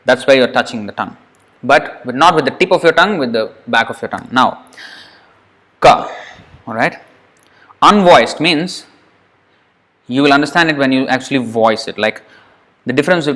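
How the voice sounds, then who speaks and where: A man's voice: medium pitch, a bit bright. A man teaching Sanskrit pronunciation in a recorded lesson, demonstrating each syllable aloud and repeating it patiently.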